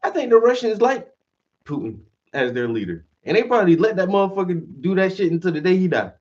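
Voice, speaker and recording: His voice is high, sing-song and a little mellow as this stream host rants fast and profanely in a casual way, voicing the people he quotes. The recording comes across as dull, with the mic far off.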